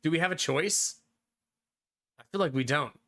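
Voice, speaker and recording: At a moderate pace, a man in his thirties plays a game on stream and chats casually, responding to live chat. His voice sits on the high side and sounds pushed and bright. He laughs frequently and swears freely.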